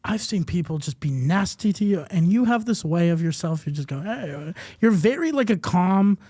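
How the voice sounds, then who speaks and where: A young adult man with a high voice co-hosts a podcast, speaking at a moderate pace. In casual storytelling chat, he animatedly tells stories, swears freely and acts out quoted voices. The recording is dry and of studio quality.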